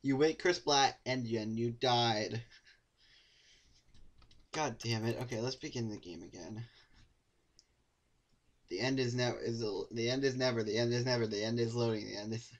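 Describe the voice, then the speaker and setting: A man's voice: mid-range voice, normal speed, long pauses. Young man swearing through gameplay commentary. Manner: swearing, joking, with sudden loud outbursts. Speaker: streamer.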